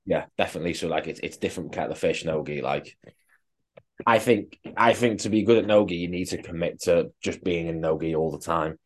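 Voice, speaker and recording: A man's voice: deep voice, brisk. A man co-hosting a podcast, a fitness coach chatting casually and swearing bluntly. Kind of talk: casual chat.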